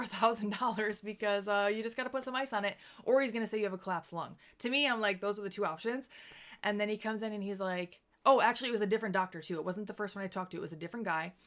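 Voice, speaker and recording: A woman in her thirties tells a long personal story to her stream audience. Her voice swings from hushed, low asides to sudden loud, high exclamations. She often acts out what she and others said. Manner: animated, swings between quiet and loud, quotes herself. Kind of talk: casual storytelling on a livestream.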